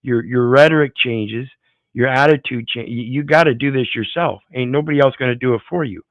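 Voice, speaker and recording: A man's voice: mid-range voice, brisk, no echo. Man, preachy commentator, moralizing, tinny phone-like sound, dry. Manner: preachy, moralizing, repeats words while searching. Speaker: panel host. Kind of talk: lecturing commentary.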